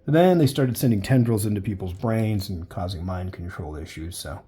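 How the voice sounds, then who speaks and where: A man's voice: low-pitched, moderate pace, mellow, slightly rough. A man chatting casually while he sketches live, rambling into jokey stories as he goes. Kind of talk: casual commentary while drawing.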